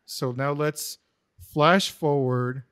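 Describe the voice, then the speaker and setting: A man's voice: a little high, fairly even intonation, slow, fairly bright tone, clear, resonant tone, no echo, clean studio sound. A young man co-hosting a podcast, telling a story in a rambling casual way with many fillers. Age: young adult. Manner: rambling, lots of likes and ums. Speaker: podcast co-host. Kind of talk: casual chat.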